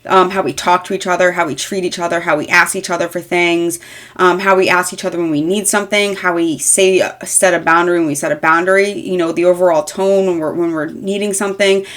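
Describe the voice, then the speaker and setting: A woman in her thirties talks through a tarot reading in a casual, rambling way. Her voice sits a little low. She is frank, swears lightly and fills her sentences with fillers. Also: fairly even intonation, brisk, fairly bright tone. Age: 30s. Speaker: tarot reader.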